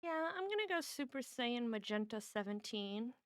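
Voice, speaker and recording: A woman's voice: fairly high pitch, lively intonation, normal speed, clear, resonant tone, no echo, studio quality. A woman chatting casually on a stream at home, thinking aloud as she tries guesses at word puzzles and teases the people around her. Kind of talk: casual chat while solving word puzzles.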